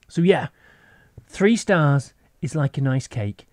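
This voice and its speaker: Male gaming host, joking commentary, raised pitch, dead-dry close mic. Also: animated, takes it slowly, no echo. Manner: playful, rambling, goofy asides.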